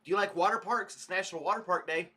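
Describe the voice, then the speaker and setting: A man's voice: sits high, fast, sharp tone, husky. A man hosting a casual morning livestream podcast, rambling chattily and greeting viewers by name. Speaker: podcast host.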